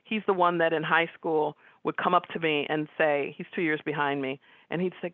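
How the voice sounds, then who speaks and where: A middle-aged woman giving a webinar talk as guest speaker, telling personal stories in a conversational, animated way. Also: low-pitched, fairly quick, hardly any pauses, no room sound. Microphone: video call. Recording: tinny phone-like webinar audio.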